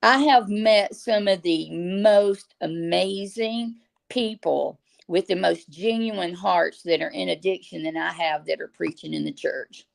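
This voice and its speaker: Female guest, low, gravelly voice, earnest storyteller. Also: measured pace. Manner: earnest, faith-driven storytelling. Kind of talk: casual interview storytelling.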